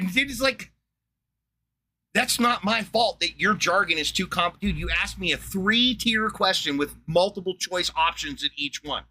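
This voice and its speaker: Blunt, profane man with a bright voice. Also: high voice, unhurried. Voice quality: wheezy laugh. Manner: blunt, profane, excitable, laughs often. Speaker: livestream host. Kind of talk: casual livestream rant.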